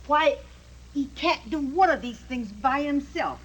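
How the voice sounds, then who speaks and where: A woman hosting a TV puppet show, patient and gently wry as she talks with the puppets. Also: high voice, lively intonation, a little slow, low-quality recording. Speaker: host. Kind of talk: scripted TV chat with puppets.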